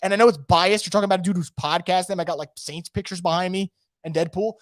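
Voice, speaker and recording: Fast-talking opinionated male podcaster. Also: sits high, no echo, studio quality. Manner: energetic, opinionated, rambling with restarts. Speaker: podcast host. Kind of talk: casual live podcast commentary. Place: home room.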